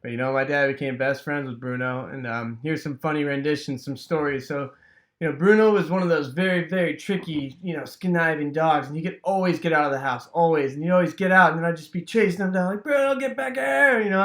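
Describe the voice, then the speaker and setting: A man from Wisconsin casually telling a rambling childhood story, full of fillers and sound effects like "boom.". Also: quick pace, fairly bright tone. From Wisconsin, USA.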